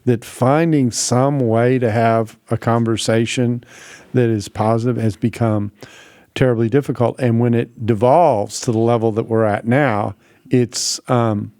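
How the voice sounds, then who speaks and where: Reflective man host, gravelly and dry. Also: medium pitch, fairly even intonation, darkish tone, dry recording. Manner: measured, reflective, many affirming murmurs. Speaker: host, seminary professor. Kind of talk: measured conversational interview.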